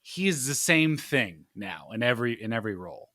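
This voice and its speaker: A young man co-hosting a podcast, telling stories in a rambling, animated way with lots of fillers. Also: medium pitch, brisk, no room sound, studio quality. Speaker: podcast co-host. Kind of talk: casual chat.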